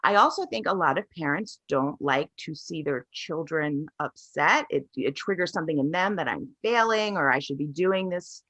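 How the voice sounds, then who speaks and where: A woman's voice: low-pitched, lively intonation, normal speed, hardly any pauses, a bit bright, lo-fi sound. A woman answering interview questions as a parenting coach, telling her experiences in an earnest, reflective way.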